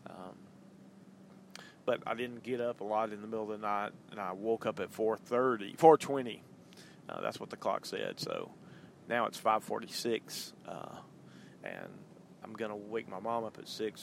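Man, podcast host, low voice with vocal fry, chatty and rambling, talking from his car. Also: very animated, moderate pace, a bit bright, slight background noise. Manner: loose and chatty, many ums and uhs. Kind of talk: casual rambling monologue. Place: in a car while driving.

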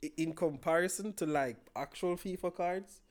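A man's voice: sits high, moderate pace. A young man with a Jamaican accent, a podcast guest in casual chat, rambling along and repeating words as he thinks.

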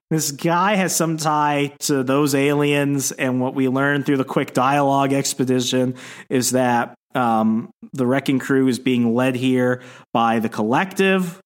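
A man on a podcast, casually retelling a comic issue, quoting the characters in his own voice and laughing now and then. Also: mid-range voice. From Canada. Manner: casual, quotes characters in plain voice, laughs often. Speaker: podcast co-host recapping comics.

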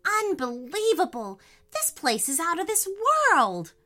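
A woman playing an excitable greedy little boy. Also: sits high, takes it slowly, voice pushed up, exaggerated voice. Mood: excited. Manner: eager, exclamatory.

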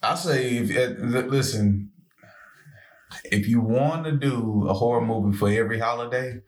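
A man's voice: mid-range voice, normal speed. A man arguing in a casual podcast chat, blunt and profane, with plenty of swearing. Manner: argumentative, profane, animated. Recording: echoey room.

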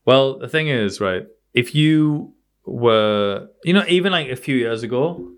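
A man in a loose podcast conversation, mid-pitched. He teases, jokes and swears freely as he rambles through stories. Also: lively intonation, a little slow, clear, resonant tone. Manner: playful, teasing, swears casually. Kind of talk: casual chat.

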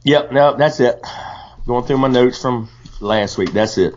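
A man's voice: mid-range voice, a little slow, a little mellow, slight background noise. A man co-hosting a podcast in casual banter, laid-back and laughing easily. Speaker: podcast co-host. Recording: dull lo-fi podcast audio.

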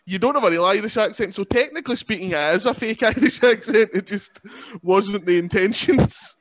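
A man's voice: high voice, brisk, no echo. A young Scottish man hosting a casual podcast chat, self-mocking and laughing often. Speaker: podcast host.

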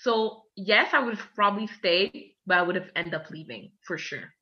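A woman in her twenties from Canada, a podcast guest telling personal stories in a lively, casual way and acting out both sides of conversations. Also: on the low side, moderate pace, muffled recording. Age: 20s. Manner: lively, acts out both sides of conversations, laughs mid-story. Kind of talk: casual storytelling.

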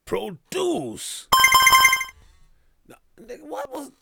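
A man's voice: on the low side, lively intonation, takes it slowly, vocal fry, heavy background noise. A man hosting a casual podcast, rambling with loose slang, trailing off and restarting his thoughts. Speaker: podcast host. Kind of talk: casual chat.

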